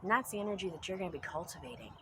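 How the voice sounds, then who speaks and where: A woman's voice: lowish voice, expressive, rapid-fire, noisy background. A woman giving a casual spoken reflection as a pagan spiritual vlogger at home, earnest and rambling, repeating phrases for emphasis and trailing off into asides. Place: home basement room.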